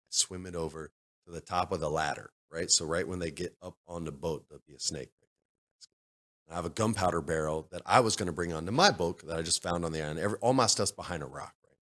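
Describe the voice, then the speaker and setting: Bright-voiced man telling a story. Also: low voice, fast talker. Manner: animated, acts out other players' voices in loud bursts. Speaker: podcast co-host. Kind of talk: casual storytelling chat. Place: studio.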